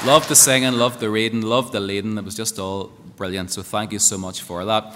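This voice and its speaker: A man's voice: lowish voice, fairly even intonation, fairly quick, over a noisy crowd, very noisy. Upbeat man speaking in an echoey hall. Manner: upbeat, questioning the audience. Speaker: school assembly speaker. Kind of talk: addressing children in an assembly.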